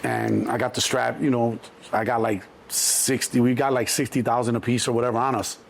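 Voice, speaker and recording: A middle-aged man, telling stories as an interview guest in a lively, profane way and acting out other people's voices. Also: a little fast, creaky, a little hiss or hum. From Chicago. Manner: animated, acts out other people's voices in a higher pitch, profane. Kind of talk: storytelling in an interview.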